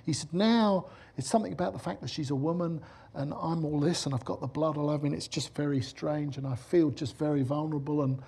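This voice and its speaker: A middle-aged film director giving a lecture, telling anecdotes and acting out the voices of the people in them. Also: male voice, fairly high pitch, fast talker, gravelly, few pauses, mellow, husky.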